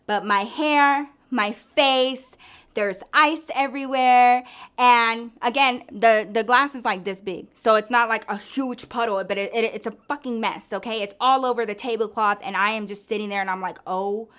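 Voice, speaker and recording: In this casual storytime, a young woman vlogger shares a personal tale, chatty, swearing freely, and saying "like" constantly. Her voice is a little high and a bit bright, with a clean tone and a moderate pace.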